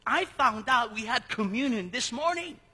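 A male pastor delivering a lively sermon in a church, joking and quizzing his congregation. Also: very high-pitched, moderate pace, slightly rough. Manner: lively, jokey preaching that asks the congregation questions.

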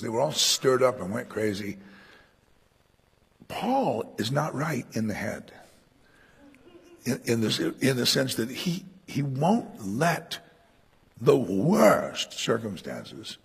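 Gravelly-voiced male preacher, lively delivery. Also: mid-range voice, a little slow, in a large hall. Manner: animated, acts out quoted speech with sudden loud bursts. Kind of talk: expository sermon on Acts. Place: room with a congregation.

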